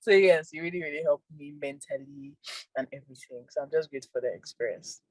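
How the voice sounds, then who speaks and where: A young woman, an actress and filmmaker, giving soft-spoken casual interview answers with frequent laughs. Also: low-pitched, fast, no room sound, rough recording. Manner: soft-spoken, laughs often, repeats words.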